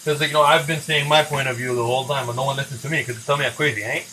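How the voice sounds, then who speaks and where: A man's voice: mid-range voice, steady tone, very fast, noisy background. A man chatting casually on a live stream from his home kitchen, joking and rambling with frequent laughs.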